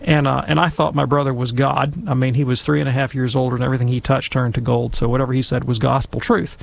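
Animated gravelly-voiced man telling stories. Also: medium pitch, fast. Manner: animated, emphatic, conversational. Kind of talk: casual storytelling and commentary.

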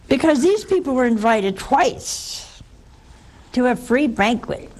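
A woman's voice: high-pitched, expressive, a little slow, a little mellow, poor audio. An older woman, a religious sister, giving a spiritual talk full of personal stories and rhetorical questions to her listeners.

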